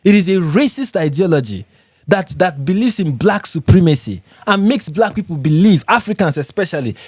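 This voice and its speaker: Animated Nigerian man hosting a livestream. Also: high-pitched, normal speed, no room sound, studio quality. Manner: emphatic and animated, repeating phrases for effect. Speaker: livestream host. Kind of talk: live reaction commentary reading viewer comments.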